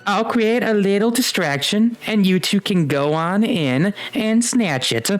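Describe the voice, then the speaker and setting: A frail old witch, as a game master puts her on, croons in a raised, creaky voice with a slow, coaxing lilt. She sweet-talks her way toward her payment. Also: high-pitched, expressive, faint music behind, voice pushed up. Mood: wheedling. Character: feeble old witch in a flying jar, crooning.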